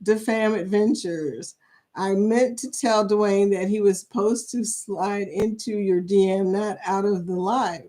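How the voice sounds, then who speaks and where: A woman's voice: mid-range voice, fairly even intonation, a little slow, dark tone. A woman hosting a live stream chat, reading viewer comments aloud, laughing often and speaking. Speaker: livestream chat host.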